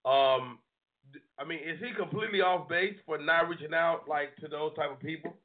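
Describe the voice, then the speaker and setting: A male host leads a call-in talk show in a loose, conversational way and pushes back when he disagrees. His voice sits a little high. The sound is narrow and phone-like. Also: normal speed. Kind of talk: call-in radio interview.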